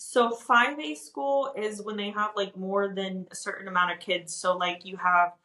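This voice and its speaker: A woman from Texas tells a personal story on a podcast in a chatty, animated way. She talks at a middling pitch and leans on "like" as she goes. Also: moderate pace, echoey room, low-quality recording. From Dallas, Texas. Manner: animated, chatty, heavy use of "like". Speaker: podcast co-host. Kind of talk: casual chat, personal storytelling.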